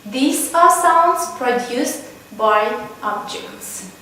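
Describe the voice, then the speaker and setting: Brief: unhurried woman lecturer, high voice, in an echoey room far from the mic. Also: lively intonation, bright, forceful tone, a little hiss or hum. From Kazakhstan. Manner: slow, deliberate, lists examples one by one. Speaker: university lecturer. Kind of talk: slow recorded lecture.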